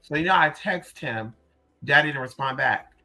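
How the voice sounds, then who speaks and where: A young man telling a story in a casual, animated way, sassy and full of profanity. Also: mid-range voice, moderate pace. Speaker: vlogger.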